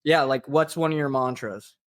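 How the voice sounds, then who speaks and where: A man's voice: mid-range voice, normal speed. A man co-hosting a business podcast, an attorney chiming in with short friendly questions. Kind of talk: casual podcast interview.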